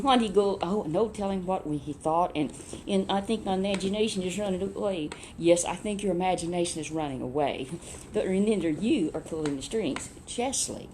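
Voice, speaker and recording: A woman telling a children's Bible story in a lively, chatty way, with asides to a puppet. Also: medium pitch, moderate pace, a little hiss or hum.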